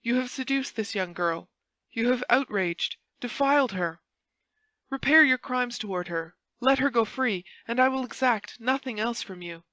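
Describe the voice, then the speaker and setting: A woman's voice: on the high side, normal speed, bright, forceful tone, no echo, pitched above the performer's own voice. A woman voicing a fervent young male officer who pleads insistently and grows impassioned. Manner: impassioned, insistent, rising intensity.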